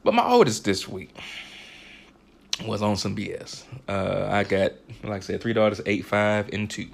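A man in his thirties hosting a casual chat, telling animated stories and laughing often. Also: lowish voice, normal speed, gravelly. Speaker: podcast co-host.

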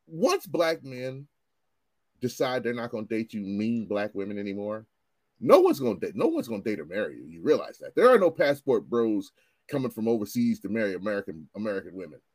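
A man ranting in casual commentary, animated and profane, often repeating himself as he restarts his sentences. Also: on the low side, brisk, no echo.

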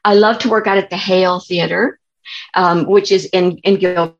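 A woman's voice: lowish voice, fairly even intonation, normal speed, muffled recording. A woman from California, a theater director and actress, telling stories in a chatty way with many restarts and fillers. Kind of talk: interview storytelling.

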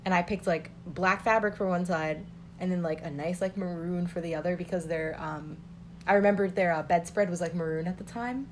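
A woman's voice: lowish voice, fairly even intonation, a little fast, a little hiss or hum. A young woman telling family stories in casual chat, rambling with many filler words.

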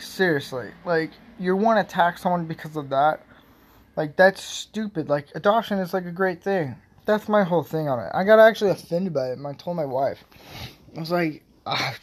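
Talk it out like a man with a fairly high voice ranting off the cuff, rambling with lots of filler words, blunt and swearing freely. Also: darkish tone. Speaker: vlogger giving political commentary. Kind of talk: casual opinion rant.

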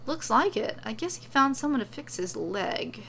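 A woman's voice: on the high side, big pitch swings, normal speed, fairly bright tone, slight background noise, pitched above the performer's own voice. A woman voicing an uneasy young male warrior who asks wary questions.

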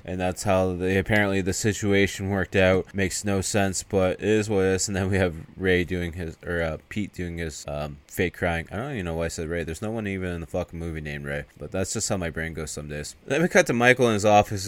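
A man's voice: low voice, fairly bright tone, no echo. A man hosting a podcast, casually recapping a film in a rambling, profane way. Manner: rambling, profane, acts out the characters' lines. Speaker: podcast host reviewing a film.

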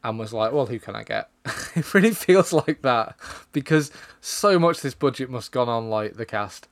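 A man's voice: medium pitch, lively intonation, moderate pace. A British man with a foul mouth, ranting about films as a podcast co-host in a casual chat. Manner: profane, ranting. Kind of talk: casual film review chat.

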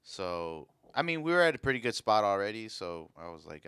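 A man co-hosting a podcast, telling stories in a relaxed way with casual swearing. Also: lowish voice, a little fast, clean tone, no room sound, clean studio sound. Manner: laid-back storytelling, swears casually. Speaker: podcast co-host. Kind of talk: casual chat. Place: away from home on a work trip.

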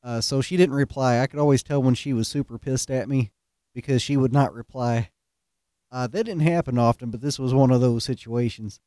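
Male host, relaxed joker, warm tone, dry close recording. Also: medium pitch, fairly quick, dry recording. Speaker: podcast host. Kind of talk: casual storytelling.

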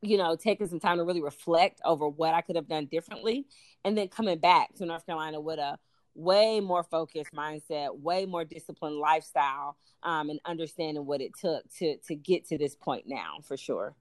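A young adult woman, a podcast guest, telling her story in casual talk, animated and full of "you know" and "like". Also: deep voice, brisk, no echo. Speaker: podcast guest, law student. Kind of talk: casual faith interview.

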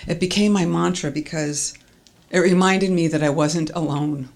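A woman's voice: low-pitched, normal speed, gravelly, a little mellow. A woman earnestly recounting a personal story as a testimony, stringing events together with "and".

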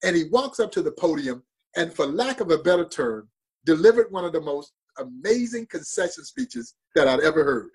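A man's voice: on the high side, big pitch swings, normal speed, husky, low-quality recording. A man telling a story with passion and drama as a guest on a talk show. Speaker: baseball museum guest. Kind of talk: storytelling interview.

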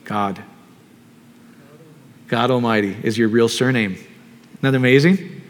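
A man preaching a sermon in a relaxed, conversational way, often asking the audience questions. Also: mid-range voice, slow pace. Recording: long hall reverb.

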